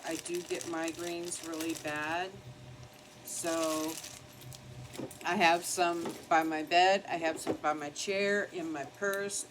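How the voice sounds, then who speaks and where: An older woman with a voice on the low side sits at her home vanity doing her makeup and chatting casually. As a beauty vlogger giving a get-ready-with-me talk, she rambles and now and then scolds her dog, with background noise behind her.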